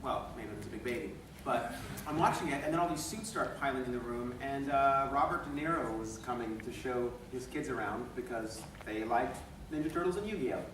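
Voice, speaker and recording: A man, a voice actor on a convention panel, telling stories in an animated, laughing way. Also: mid-range voice, brisk. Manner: animated, laughing, acting out quotes. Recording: echoey hall recorded from far off with room noise.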